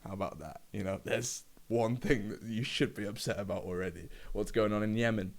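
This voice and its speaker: A man's voice: on the low side, brisk. A man in his room ranting off the cuff to a camera, rambling and swearing freely, with lots of fillers. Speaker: gaming YouTuber. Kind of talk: unscripted rant to camera. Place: his own room, alone.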